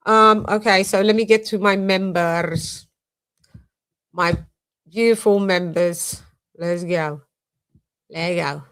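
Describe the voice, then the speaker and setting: In a clean recording with no room sound, a woman with a smooth, medium-pitched voice hosts a boxing live stream. Chatty and relaxed, she thanks members and slips into bits of song.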